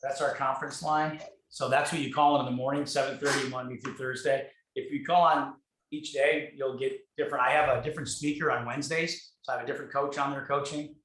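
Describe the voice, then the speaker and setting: A man from Michigan talking shop in a bright, forceful voice, blunt and quick to swear. He acts out both sides of conversations as he tells his stories, and the sound carries a roomy echo. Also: mid-range voice, fairly even intonation, slight background noise. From Michigan, USA. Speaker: guest speaker, real estate team leader. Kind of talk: casual conversational storytelling on a video call.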